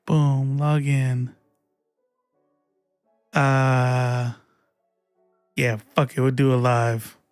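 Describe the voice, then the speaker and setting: A man's voice: medium pitch, level tone, drawn-out words, pauses often, smooth, no echo, soft background music. A young adult man hosting a casual livestream, chatty and laughing as he fumbles with his stream settings and swears now and then. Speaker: livestream host.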